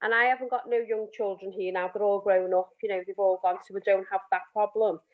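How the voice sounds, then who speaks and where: A woman's voice: mid-range voice, fairly even intonation, fast. A middle-aged woman counsellor talking candidly on a video call, emotional and rambling with restarts. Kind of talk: casual group discussion on a video call. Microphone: video call, camera off. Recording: muffled video call audio.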